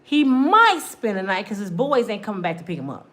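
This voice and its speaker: A woman delivering a comedic monologue, acting out little scenes and swinging between loud bursts and hushed asides. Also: mid-range voice, very animated, a little fast. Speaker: comedic talk show host.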